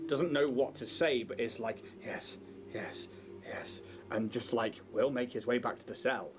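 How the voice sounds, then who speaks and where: A man describes his character's actions at a tabletop game in a loose, chatty way. He fills every pause with "like". A faint hiss of noise sits behind him. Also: mid-range voice. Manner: chatty, leans heavily on "like". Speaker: player. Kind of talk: casual chat at a game table.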